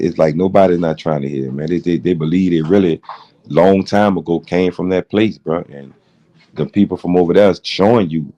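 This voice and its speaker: A middle-aged man rants through a late-night livestream, his voice deep and dark. He rambles from one point to the next and swears freely as he tells his story. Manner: rambling, profane, heated storytelling. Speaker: livestream host.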